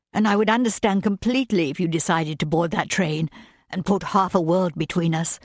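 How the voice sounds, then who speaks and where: Woman voicing an earnest, humble gentleman suitor. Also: fairly low pitch, breathy edge, dry recording, clean studio sound. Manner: sincere, gently pleading. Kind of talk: audiobook narration.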